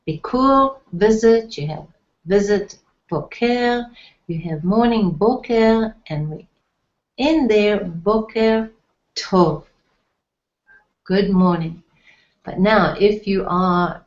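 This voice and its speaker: A woman teaching a Hebrew language lesson, patiently repeating words with frequent ums. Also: lowish voice. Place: indoor room, recorded at night. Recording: echoey room, dull lo-fi sound.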